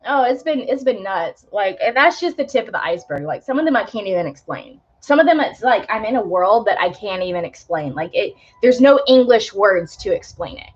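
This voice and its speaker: A woman's voice: mid-range voice, animated, fairly quick, few pauses, slightly rough, lo-fi sound. A young woman giving live tarot readings, talking casually with many fillers about spiritual topics. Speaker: tarot reader.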